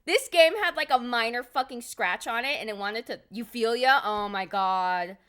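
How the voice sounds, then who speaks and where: A woman's voice: a little high, normal speed, fairly bright tone, smooth. A woman game streamer chatting casually on a live stream, rambling and swearing as she vents her exasperation. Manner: profane, rambling, exasperated venting.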